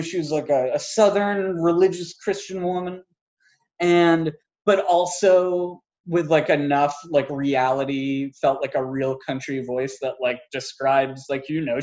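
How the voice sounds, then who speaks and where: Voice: medium pitch, darkish tone. Rambling casual film reviewer, dull audio. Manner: rambling, heavy on "like" fillers, laughs often.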